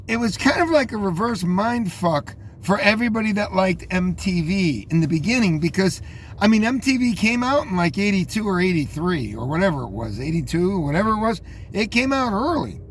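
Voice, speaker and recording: A man's voice: sits high, sing-song, normal speed, slight background noise. A man in his fifties hosting a casual commentary, rambling with many fillers and restarts. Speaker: host.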